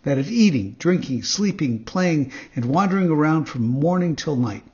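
A man voicing a rude, impatient wooden puppet boy in a husky voice, on a dull recording. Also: fairly high pitch, lively intonation, a little mellow. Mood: defiant. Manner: rude, hot-tempered, quick.

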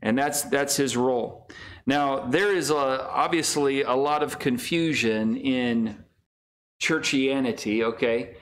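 Folksy pastor teaching, full of fillers. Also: male voice, slow pace. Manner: casual, many fillers and restarts; reads scripture in raised, higher voice. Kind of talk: Bible study teaching.

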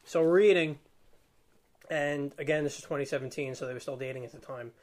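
A man's voice: a little high, a little fast, darkish tone. A young man telling a rambling, slangy story in casual chat, laughing as he goes. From Staten Island, New York.

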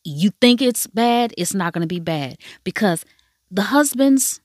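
A woman's voice: on the low side, sing-song, normal speed, no room sound, studio quality. A woman hosting a podcast, giving a casual, profane recap of a drama with playful asides to listeners. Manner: frank, profane, chatty storytelling. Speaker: podcast host.

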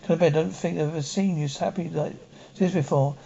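An actor playing an affectionate, teasing young husband and photographer in an old television drama, speaking in a fond, coaxing way. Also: male voice, a little high, fairly even intonation, fairly quick, creaky, dark tone, a little hiss or hum. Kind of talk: 1970s television drama acting. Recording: dull old television soundtrack.

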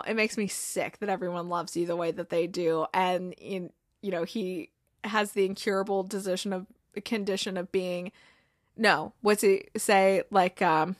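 A woman's voice: mid-range voice, fairly bright tone, no echo, clean studio sound. A woman hosting a podcast, casually recapping a TV episode, chatty and laughing often.

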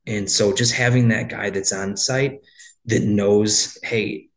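A man with a somewhat low voice chats casually about running his landscaping business. He rambles, repeats words as he restarts, and slips into quoted dialogue as he tells his stories. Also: fairly even intonation, slow pace. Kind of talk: casual interview talk.

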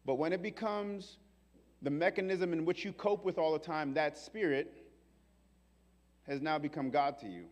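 A high-voiced man from New York preaches with animated, fervent energy, slipping into the voices of the people he quotes. His voice carries the long reverb of a large hall. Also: normal speed, pauses often. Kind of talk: sermon.

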